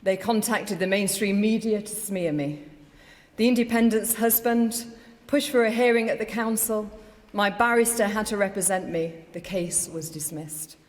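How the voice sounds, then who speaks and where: A newly elected mayor, a middle-aged woman, delivers her victory speech from a lectern in an election count hall, making emphatic, rallying declarations. She speaks at medium pitch and a moderate pace, with the long reverb of a large hall behind her.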